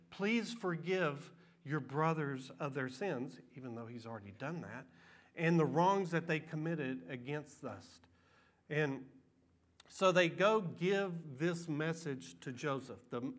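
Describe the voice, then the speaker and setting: A man preaching a sermon in a conversational way, often repeating words and dropping soft and low at emotional moments. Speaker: pastor.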